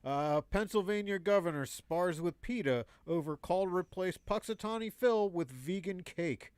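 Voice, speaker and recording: A man's voice: high voice, lively intonation, normal speed, a little mellow, smooth, no room sound, studio quality. A man co-hosting a comedy podcast, reading joke headlines with crude, swearing banter. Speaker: podcast co-host.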